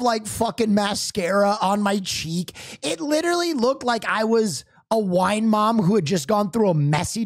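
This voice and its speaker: A man's voice: high-pitched, dry recording, clean studio sound. A man streaming, telling a story in casual chat, self-mocking and swearing often.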